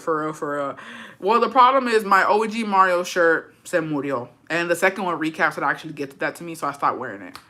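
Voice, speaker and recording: A woman's voice: fairly low pitch, pushed and bright. A young woman hosting a casual livestream, gossiping and swearing freely while reading chat, dropping in Spanish words. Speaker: livestream host.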